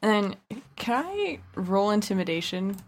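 A woman's voice: medium pitch, sing-song, unhurried. A woman at a tabletop game who talks playfully, feeling her way through each idea with small hesitations. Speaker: player. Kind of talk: casual tabletop game play.

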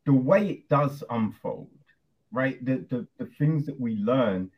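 A man with a husky, slightly breathy voice chats loosely through an interview, leaning on fillers as he talks. The sound is dull and lo-fi. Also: medium pitch, expressive, unhurried. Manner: loose and chatty, many fillers. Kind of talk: casual interview chat.

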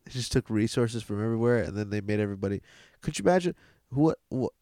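A man's voice: lowish voice, animated, fast talker, mellow, no room sound, clean studio sound. A man co-hosting a casual comedy podcast, telling rambling, jokey stories.

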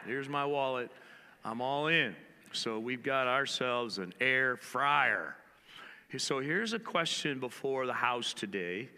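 Male pastor, bright forceful voice, easygoing humorous storyteller, long church-hall reverb. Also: mid-range voice, smooth. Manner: humorous storytelling, acts out dialogue. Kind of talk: conversational sermon.

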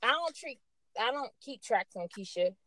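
A woman co-hosting a podcast in casual chat, telling stories in a lively, animated way. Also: a little high, normal speed, dry recording. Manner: lively storytelling, animated and loud. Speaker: podcast co-host.

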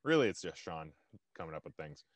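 Laid-back, low-voiced young man. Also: very animated, brisk, dry recording. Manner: laid-back, rambling, hesitant fillers. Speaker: podcast co-host. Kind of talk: casual chat.

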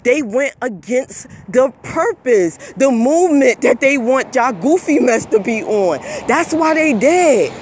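A man's voice: extremely high pitch, lively intonation, a little slow, hardly any pauses, a little hiss or hum. A man delivering a heated, emphatic monologue rant, repeating himself, scolding listeners and swearing when worked up.

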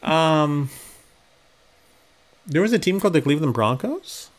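A man's voice: fairly high pitch, lively intonation, a little slow. A man co-hosting a casual podcast chat, answering quiz questions with jokes and self-deprecating asides. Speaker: podcast co-host, quiz contestant.

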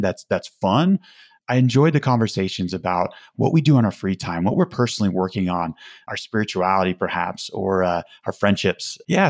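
Low-voiced male guest, earnest and emphatic, close dry mic. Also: a little mellow, no echo. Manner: earnest, emphatic, with many restarts. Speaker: podcast guest, recovery community founder. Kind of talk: conversational interview.

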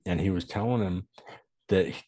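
Man, co-host, very low voice, husky, dry close sound, wry casual chat. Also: moderate pace, mellow, dry recording. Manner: laid-back, wry asides, lots of listening hums. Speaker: podcast co-host.

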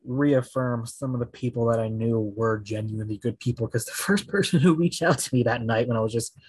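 A man's voice: mid-range voice, a little fast, darkish tone, breathy edge, poor audio. A man in casual podcast chat who talks in a rambling, candid way.

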